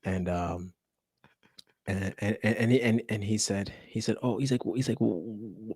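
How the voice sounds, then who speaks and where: A man's voice: lowish voice, moderate pace, darkish tone, husky, no echo, clean studio sound. A man, a teacher, telling a story in casual chat, laughing often and acting out the people in it.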